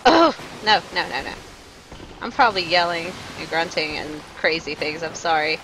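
A woman's voice: deep voice, moderate pace, fairly bright tone, slight background noise, poor audio. A young woman streaming a video game live, chatting with her viewers and joking as she panics at what happens on screen. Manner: jokey, panicky, talks to chat. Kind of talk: live gameplay commentary.

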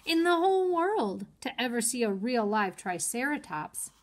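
A woman's voice: on the high side, normal speed, voice pushed up. A woman voicing a cheerful, curious, fearless little girl in a read-aloud storybook. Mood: eager. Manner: bubbly, excited.

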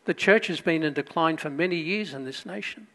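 Pastor telling a story. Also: male voice, fairly high pitch, brisk. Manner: storytelling, shifting between loud emphasis and quiet asides. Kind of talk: sermon.

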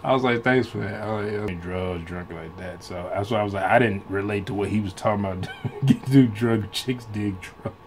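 A man's voice: fairly low pitch, fairly even intonation, fast, few pauses, soft background music. A man hosting a reaction video in casual, rambling commentary, swearing freely and laughing often between loose, restarting sentences. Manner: laughs often while talking.

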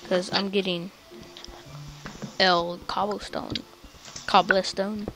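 A woman hosting a casual gameplay session, goofy and excitable, often breaking into sing-song chants. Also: mid-range voice, takes it slowly, slight background noise. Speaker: let's play host.

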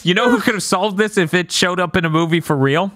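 A man hosting a podcast, recapping a film in a jokey, animated way and slipping into silly voices for the characters. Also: high-pitched, quick pace, dry recording, clean studio sound. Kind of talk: casual comedic movie recap.

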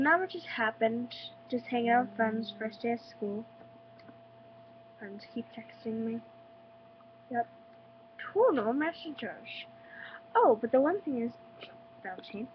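A teenage girl with a stuffy nose from being sick, chatting at home in a casual vlog full of likes and ums. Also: on the high side. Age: teens. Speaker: vlogger. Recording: dull lo-fi webcam with hum.

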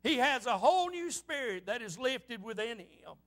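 High-voiced man preaching with fervor. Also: sing-song, normal speed, fairly bright tone. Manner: impassioned preaching with frequent amens. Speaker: pastor. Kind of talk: fervent sermon. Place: church.

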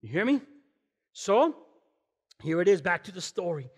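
A man preaching as a guest pastor, animated and emphatic, firing rhetorical questions and slipping in casual slang. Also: sits high, moderate pace, slightly rough. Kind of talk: sermon. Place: church sanctuary. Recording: long hall reverb in a church.

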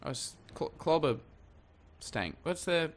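A man's voice: on the high side, big pitch swings, takes it slowly. Swearing, rambling male gameplay commentator. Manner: rambling, jokey, heavy swearing. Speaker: gaming channel host. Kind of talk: let's play commentary.

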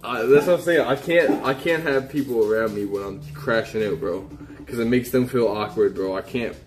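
A man's voice: medium pitch, moderate pace, over music. A man live streaming, ranting in an agitated, profane, repetitive way. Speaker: IRL streamer. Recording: noisy live-stream audio.

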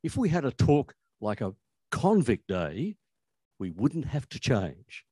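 A man's voice: mid-range voice, sing-song, takes it slowly, warm tone, breathy edge, no room sound. An older Australian man giving a conversational, anecdotal talk about language history, with frequent restarts. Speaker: author speaking on language history.

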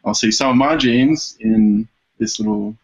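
A man's voice: fairly low pitch, unhurried, slightly rough. A man with dry humour, telling a story as a guest on a casual podcast. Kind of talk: casual interview chat. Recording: dull lo-fi podcast audio.

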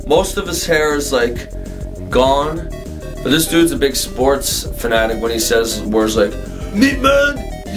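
A man hosting his own comedic vlog in a casual, goofy way, laughing often between lines. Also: medium pitch. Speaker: vlog host.

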